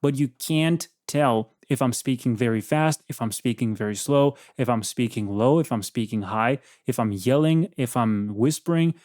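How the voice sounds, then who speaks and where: A man's voice: mid-range voice, moderate pace, few pauses, darkish tone, no echo. Man, blunt, probing, rambling talk, dry close sound. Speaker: host. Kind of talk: casual chat.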